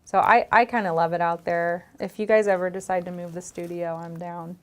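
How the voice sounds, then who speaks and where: A woman's voice: lowish voice, steady tone, a little fast. Chatty woman, casual podcast guest, easy laugh, frequent restarts. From California. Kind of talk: casual chat.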